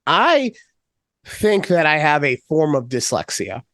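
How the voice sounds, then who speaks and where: A woman co-hosting a casual podcast chat, animated and swearing freely as she acts out her own reactions. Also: deep voice, unhurried. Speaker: podcast co-host.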